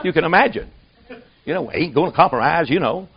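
A man's voice: fairly high pitch, animated, fairly quick, vocal fry. A man preaching a sermon to a congregation, with a folksy storytelling manner. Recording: dull lo-fi recording.

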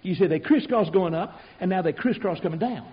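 A man preaching an animated sermon, telling the story in a folksy way and swinging from loud to hushed. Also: high voice, a little fast. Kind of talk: animated sermon with acted-out voices. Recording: dull lo-fi sermon recording.

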